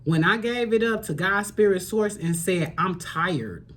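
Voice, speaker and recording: A woman reads tarot to camera with earnest, preachy spirituality, stressing points by repeating phrases and sometimes lowering to a soft near-whisper. Her mid-range voice is a little slow, and there's a slight hiss or hum.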